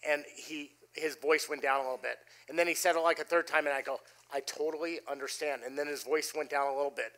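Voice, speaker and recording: A middle-aged man preaching a sermon, telling a personal story with animated delivery and dropping his voice low for quoted lines. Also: fast, hardly any pauses. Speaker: pastor. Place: church stage before a congregation.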